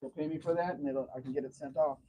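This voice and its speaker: A man's voice: a little high, steady tone, fast, warm tone, slight background noise, poor audio. A man hosting a casual livestream from home, telling long rambling stories in a chatty way. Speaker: livestream host.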